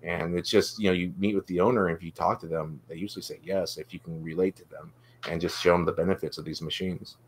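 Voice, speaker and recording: A man's voice: sits low, fairly even intonation, fast talker, a little hiss or hum. A man in casual chat about his work, enthusiastic and going on and on. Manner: enthusiastic, goes on and on. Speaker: guest vendor.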